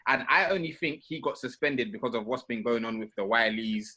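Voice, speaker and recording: Animated man hosting a podcast. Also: medium pitch, brisk, husky. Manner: animated, banters loudly. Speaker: podcast host. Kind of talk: casual chat.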